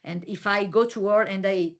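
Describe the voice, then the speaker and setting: A middle-aged woman giving an academic lecture, deliberate and pausing as she searches for words. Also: medium pitch, fairly even intonation, muffled recording. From Italy. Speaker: university philosophy lecturer.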